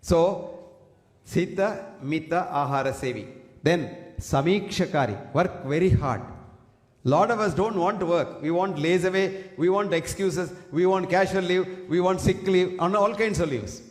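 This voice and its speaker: A man's voice: sits high, unhurried. Emphatic man in echoey hall. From India. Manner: emphatic, preachy, asks the audience questions. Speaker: speaker addressing an audience. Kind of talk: public health talk. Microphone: single fixed microphone, standing. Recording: echoey hall with long reverb.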